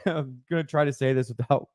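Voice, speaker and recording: A man's voice: medium pitch, steady tone, moderate pace, a little mellow, dry recording, clean studio sound. A man co-hosting a podcast, casually reading strange news stories with plenty of fillers. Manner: laid-back, reads news items aloud with fillers. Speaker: podcast co-host. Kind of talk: casual chat.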